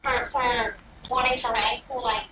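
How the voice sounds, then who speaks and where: A woman's voice: a little high, flat delivery, a little slow. A young woman co-hosting a podcast in casual chat, rambling and giggly. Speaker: podcast co-host. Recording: dull lo-fi audio with loud noise.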